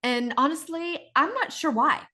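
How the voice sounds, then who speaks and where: A middle-aged woman co-hosts a relaxed podcast in a fairly high voice. Her pitch swings widely as she retells scenes with lively energy. She breaks into acted-out voices for the people in the story. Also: normal speed. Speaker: podcast co-host. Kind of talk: casual podcast chat.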